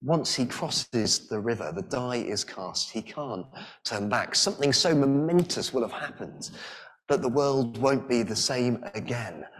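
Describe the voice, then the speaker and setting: A man's voice: medium pitch, expressive, a little slow. A man preaching a sermon in an earnest way, often restarting with repeated words.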